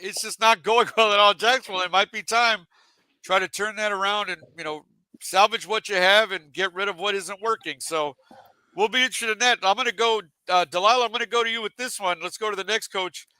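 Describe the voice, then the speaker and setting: A man's voice: sits high, fairly even intonation, a little fast, pushed and bright, smooth, dry recording, rough recording. A man hosting a casual sports talk show, chatty and leading the discussion. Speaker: podcast host.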